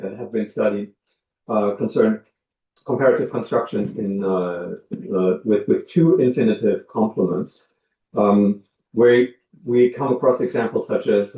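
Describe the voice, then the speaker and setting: A man's voice: medium pitch, dark tone. Man giving a roomy lo-fi lecture. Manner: measured, many ums and uhs, explains with examples. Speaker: linguistics lecturer. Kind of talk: academic lecture. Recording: dull lo-fi sound, roomy, from a distance.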